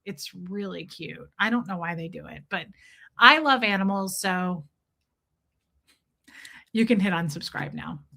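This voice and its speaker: A woman's voice: lowish voice, a little slow, creaky, pauses often, bright, forceful tone. A woman hosting a livestream, telling rambling, jokey stories in a casual chat with viewers. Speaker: livestream host.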